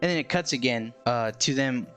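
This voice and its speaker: A man's voice: mid-range voice, brisk, a bit bright, soft background music. A man giving a casual, comedic movie recap, rambling and jokey with lots of filler words.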